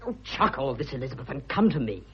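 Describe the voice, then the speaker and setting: Brief: actor playing eager young suitor, husky, bluff and fervent, lively swinging pitch, dull old radio sound. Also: male voice, quick pace, crowd noise, lightly acted. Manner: bluff, fervent, stammering when moved. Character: eager young male suitor, blunt and boyish. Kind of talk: vintage radio drama acting.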